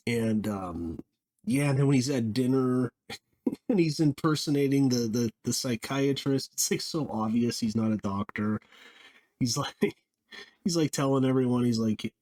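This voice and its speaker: A man giving a casual spoken film review, rambling and halting, with frequent restarts and small laughs. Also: mid-range voice, darkish tone.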